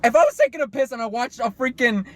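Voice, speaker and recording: High, animated joking man. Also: fast. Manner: joking and crude, laughs often, acts out quoted voices. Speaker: co-host. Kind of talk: casual chat.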